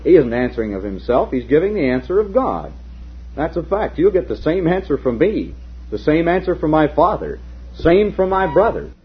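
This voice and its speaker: A male preacher delivers a sermon in a fairly high, animated voice. He leans on rhetorical questions, and his volume swings from forceful declarations to quiet asides. The recording sounds dull and lo-fi, like an old tape. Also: moderate pace, a little hiss or hum. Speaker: minister preaching to a congregation.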